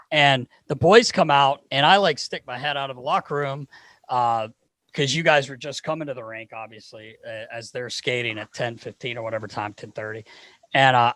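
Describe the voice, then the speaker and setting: A man co-hosting a podcast over a video call, telling stories in a casual, animated way. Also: dry recording. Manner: animated, jumps into high mocking voices when quoting. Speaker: podcast co-host. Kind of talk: casual storytelling chat.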